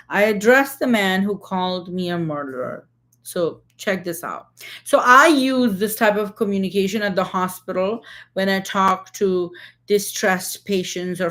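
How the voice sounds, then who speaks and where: A woman's voice: lowish voice, a bit bright. A young adult woman reading passages from a book and explaining them, often checking in with tag questions. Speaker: book discussion host.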